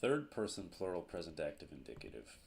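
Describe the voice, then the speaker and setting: A man teaching a grammar lesson at a board, slow and deliberate, repeating each verb form. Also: sits low, very animated, gravelly, darkish tone.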